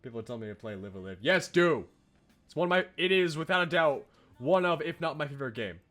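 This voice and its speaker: A man's voice: on the high side, animated, brisk, fairly bright tone, soft background music. Enthusiastic young male game streamer. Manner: enthusiastic, gushing, laughs a lot. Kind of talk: casual gameplay commentary.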